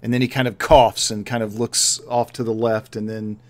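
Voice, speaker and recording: A man narrating a tabletop game as game master, pausing often and restarting his sentences as he describes scenes. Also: on the low side, level tone. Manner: hesitant, many fillers and restarts while describing scenes.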